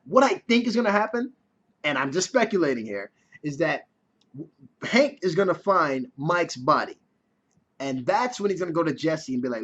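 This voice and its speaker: Male reviewer, higher voice, casual and profane, dull lo-fi recording. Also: very animated, normal speed, a bit bright. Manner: casual, chatty, swears freely. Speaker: TV episode reviewer.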